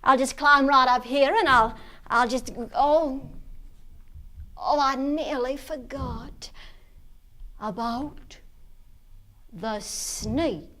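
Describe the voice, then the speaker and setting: A woman's voice: sits high, very slow, long pauses, a bit bright, exaggerated voice. A woman playing a lonely little girl lost in the woods, talking to herself in a childish, rambling way and singing a spooky song in a stage monologue. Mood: wistful, sleepy.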